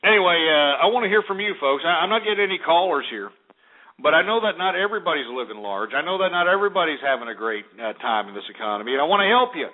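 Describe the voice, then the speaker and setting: A man's voice: expressive, fast talker. A man hosting a call-in radio talk show, ranting bluntly and crudely. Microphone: internet radio call-in show. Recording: narrow phone-like low-fi audio.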